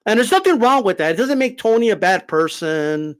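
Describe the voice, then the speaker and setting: A man giving a casual, animated opinion rant as a boxing commentator, profane and full of fillers. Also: high voice, fairly quick.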